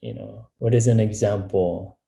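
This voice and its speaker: A man's voice: lowish voice, normal speed, vocal fry, roomy sound. A man from Hawaii, a podcast guest, talking casually in English with a little Tagalog. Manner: relaxed, mostly English with some Tagalog. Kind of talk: casual chat.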